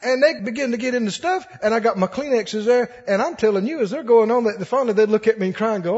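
A man from Mississippi, preaching a folksy, animated sermon with laughing asides. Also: high voice, a little fast, noisy background. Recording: dull lo-fi sound in a long-echo hall.

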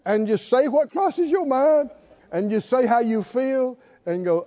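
A man's voice: very high voice, animated, unhurried, warm tone. An older man preaching a sermon in an emphatic, folksy way with bits of humor, on a slightly dull lo-fi recording. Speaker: pastor.

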